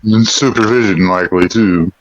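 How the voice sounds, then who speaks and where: Man as dry, short-tempered master, deep, dead-dry sound. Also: normal speed, no echo, highs cut off, close to an everyday voice. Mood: curt.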